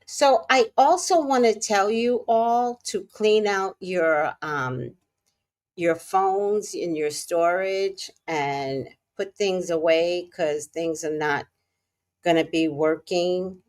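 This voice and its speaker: A woman vlogger chatting to her viewers while scolding her cat, jumping between loud exclamations and low muttered swearing. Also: slow pace. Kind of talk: casual livestream chat.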